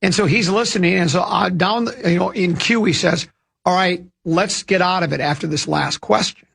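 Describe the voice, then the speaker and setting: Gravelly older man rambling on radio. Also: high voice, normal speed, a bit bright. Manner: rambling, with many restarts and self-amused asides. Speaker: radio show host. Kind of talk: casual radio chat and storytelling.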